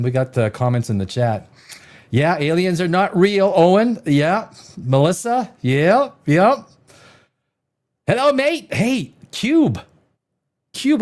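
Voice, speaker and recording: Man, live stream host, slightly high voice, rambling, jokey, lots of fillers. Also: darkish tone. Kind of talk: casual live stream chat. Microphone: desk microphone.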